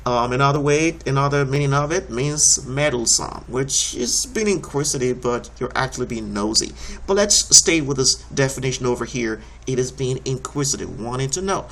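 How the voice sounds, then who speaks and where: A man's voice: mid-range voice, normal speed, fairly bright tone, a little hiss or hum. A man teaching a recorded homeschool lesson, explaining each step patiently and encouragingly.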